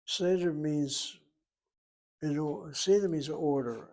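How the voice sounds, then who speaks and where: Husky guy going through hebrew grammar slowly, letter by letter. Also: a little high, dark tone. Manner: methodical, explains word by word and letter by letter. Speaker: Hebrew teacher. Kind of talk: grammar lesson.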